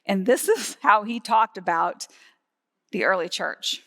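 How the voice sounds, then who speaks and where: A woman's voice: medium pitch, animated, unhurried, a bit bright. A woman pastor delivering a live Sunday sermon, teaching steadily and laughing lightly now and then. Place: church sanctuary, live service. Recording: long hall reverb from a church.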